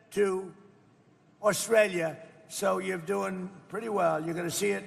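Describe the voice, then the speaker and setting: A man's voice: high voice, vocal fry, fairly bright tone, in a large hall. An older American man speaking off the cuff at a roundtable, rambling and boastful, repeating his phrases. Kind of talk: off-the-cuff speech. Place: indoor event hall.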